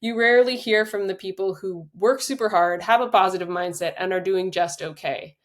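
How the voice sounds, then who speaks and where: A woman's voice: mid-range voice, a little fast. A middle-aged woman author talking earnestly in a podcast interview, with many restarts and fillers, then reading aloud from her book. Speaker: author and guest.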